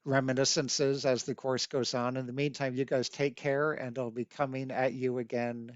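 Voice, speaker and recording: A man's voice: mid-range voice, flat delivery, moderate pace, dry recording. An older man from Canada, an instructor, tells family stories for an online course in a rambling, conversational way and corrects himself as he goes. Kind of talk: personal storytelling for an online course. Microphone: webcam. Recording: dull dry webcam audio.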